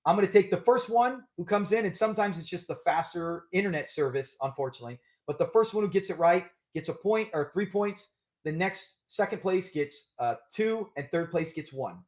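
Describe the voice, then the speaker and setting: Upbeat male live-stream host, high voice, loose and chatty. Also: expressive, a little fast. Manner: chatty, upbeat, laughs often. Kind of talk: casual live-stream chat.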